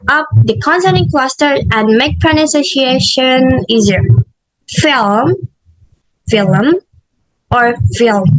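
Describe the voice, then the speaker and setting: A woman's voice: high-pitched, no echo, low-quality recording. A young woman with an Indonesian accent presenting a linguistics assignment, reading carefully and correcting herself as she goes. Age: young adult. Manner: slow, careful, with self-corrections and restarts. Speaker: student presenter.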